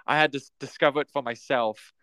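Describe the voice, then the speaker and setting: A man's voice: medium pitch, steady tone, fast, fairly bright tone, clean tone, no echo, studio quality. A young man hosting a podcast in casual chat, joking and laughing often as he restarts his sentences. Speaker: podcast host.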